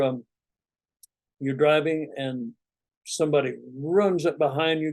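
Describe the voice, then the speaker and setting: A man talking to his students as a meditation teacher, in a loose, rambling conversational way. His voice is mellow and soft-edged, and the recording is dry and close, with no room sound. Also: a little high, no room sound. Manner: relaxed, rambling, conversational, many "you know"s. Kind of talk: informal spiritual talk to students.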